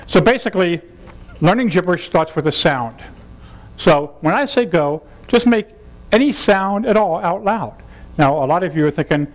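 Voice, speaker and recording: A man leads a humorous workshop in a seminar room. His voice sits high and swoops all over the place as he jokes and laughs. He coaxes the audience through exercises over a wired mic. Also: sing-song, moderate pace, long pauses, slight background noise. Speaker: seminar leader.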